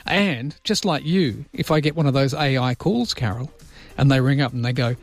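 A man's voice: mid-range voice, brisk, faint music behind. An Australian man hosting early-morning radio, chatting about listener texts and reading the newspaper front pages in a self-deprecating, jokey way. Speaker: radio host. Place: radio studio. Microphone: close studio microphone.

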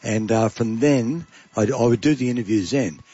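Husky older man reminiscing. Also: medium pitch, moderate pace, mellow, dry recording, highs cut off. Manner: reminiscing, laughing easily. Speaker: veteran rugby league caller. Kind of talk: casual chat.

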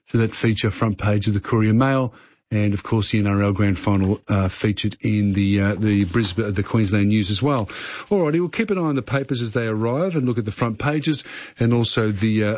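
Relaxed Australian radio host. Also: male voice, medium pitch, dry recording, lo-fi sound. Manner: relaxed, halting, with many fillers. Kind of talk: casual talk radio, reading newspaper headlines.

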